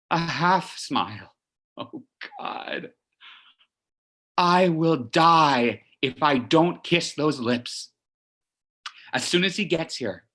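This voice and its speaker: A man's voice: a little high, sharp tone, full character voice. An actor playing a lonely, lovesick man who rambles and confesses in a video message to his mother, in a theatrical monologue. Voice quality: gushing, rambling, quick to confess. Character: lovesick, lonely, chatty young man in lockdown.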